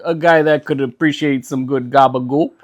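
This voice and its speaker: A man's voice: medium pitch, fairly even intonation, a little fast, muffled recording, pitched above the performer's own voice, close to an everyday voice. A man voicing a swaggering, macho Italian deli stocker from New Jersey, full of boastful bluster. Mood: macho boasting.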